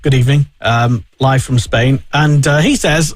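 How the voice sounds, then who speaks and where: Male radio host, husky, dry close mic, meandering casual chat. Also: medium pitch, moderate pace, few pauses, no room sound. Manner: rambling, hesitant, lots of fillers.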